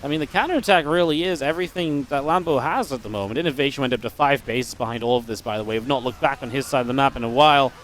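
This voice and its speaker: A man giving live play-by-play commentary on a strategy game match, chatty and upbeat with quick reactions. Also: medium pitch, fairly bright tone, slight background noise. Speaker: esports caster.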